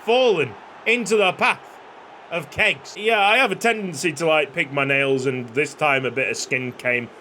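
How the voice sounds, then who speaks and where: A young man commentating on his football video game, excitable, shouting at chances and cracking jokes between plays. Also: on the high side, normal speed, a little hiss or hum. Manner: excitable, shouting at goals, jokey asides. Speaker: gaming YouTuber. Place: home recording room. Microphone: desk microphone.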